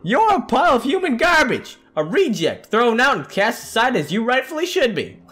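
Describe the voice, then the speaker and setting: A woman's voice: a little high, sing-song, normal speed, fairly bright tone. A woman voicing a cruel, mocking woman on a blind date in a horror game, reading the lines aloud with cold contempt. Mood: scornful.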